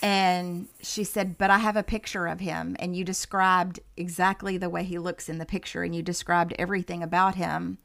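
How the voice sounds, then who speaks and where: Animated woman telling a story. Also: on the low side, moderate pace, vocal fry, few pauses. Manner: animated storyteller, acts out quoted dialogue. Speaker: medium, podcast guest. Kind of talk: storytelling in a podcast interview.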